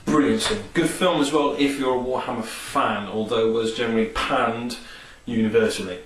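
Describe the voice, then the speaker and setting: A man's voice: mid-range voice, steady tone, moderate pace, far from the mic. A man chatting casually and enthusiastically about favourite film scenes, rambling with many fillers. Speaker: vlogger. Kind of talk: casual film and game review. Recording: echoey room, off-mic, faint hiss.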